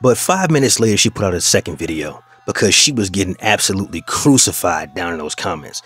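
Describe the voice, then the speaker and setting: A man's voice: low voice, animated, quick pace, a bit bright, breathy edge, faint music behind. A man hosting a reaction video, giving mocking commentary and addressing his listeners as fellas.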